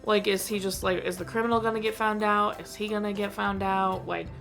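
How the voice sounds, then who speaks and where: A woman's voice: mid-range voice, fairly even intonation, brisk, gravelly, a bit bright, soft background music. A woman giving a casual movie review, rambling and exasperated, saying "like" constantly. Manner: rambling, heavy use of "like", exasperated. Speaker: film reviewer vlogger.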